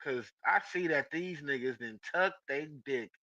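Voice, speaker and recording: Teasing high-voiced male podcast host. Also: lively intonation, unhurried, bright, forceful tone, lo-fi sound. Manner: teasing, calls out listeners by name, laughs often. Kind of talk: casual live-stream chat.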